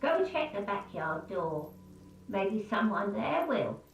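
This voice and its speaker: A woman's voice: medium pitch, very animated, slow, gravelly, dull audio, exaggerated voice. An actress voicing a grumpy elderly woman who scolds a stranger through a locked door in a video game. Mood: scolding. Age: older. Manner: scolding, dismissive. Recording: roomy, distant game audio with faint hum.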